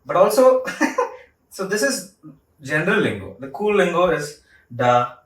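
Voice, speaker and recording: A man's voice: sits high, unhurried. A young man, chatting and laughing loosely as a podcast co-host. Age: 20s. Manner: laughing, joking, loose and animated. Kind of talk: casual chat. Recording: roomy mic from a distance.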